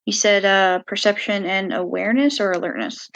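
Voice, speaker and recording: A woman playing a tabletop game, easygoing and relaxed in casual talk. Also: medium pitch, moderate pace, highs cut off. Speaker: player.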